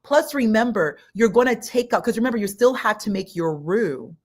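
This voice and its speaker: A woman's voice: a little high, expressive, normal speed, darkish tone. Woman patiently explaining cooking steps. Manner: instructive, explains step by step. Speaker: co-host. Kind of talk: casual chat, giving cooking tips.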